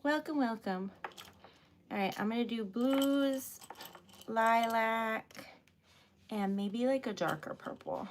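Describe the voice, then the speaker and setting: A woman's voice: on the high side, slow, pauses often, a little hiss or hum. A woman hosting a casual craft livestream, chatting and giggling often as she greets viewers. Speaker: livestream host making wax seal stickers.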